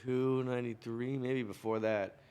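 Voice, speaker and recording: A man's voice: mid-range voice, steady tone, fairly quick, mellow, smooth. A man hosting a podcast, asking questions and joking along in a casual chat. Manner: easygoing, asks questions, jokes along. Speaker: podcast host.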